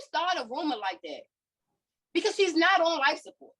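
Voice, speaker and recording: A woman co-hosting a podcast, telling a story in a heated, profane, animated way in casual chat. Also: sits high, normal speed, rough recording. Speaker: podcast co-host.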